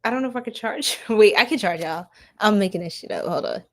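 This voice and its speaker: A woman's voice: medium pitch, animated, fast. A young woman doing a casual livestream tarot reading, giggling often and talking in loose slang to her viewers.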